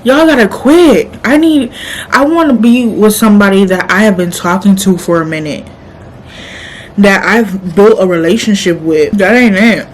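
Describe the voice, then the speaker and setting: Animated young woman telling a story. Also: medium pitch, normal speed, a little hiss or hum, low-quality recording. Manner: animated, laughs often while telling the story. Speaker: vlogger. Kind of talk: casual storytelling mukbang.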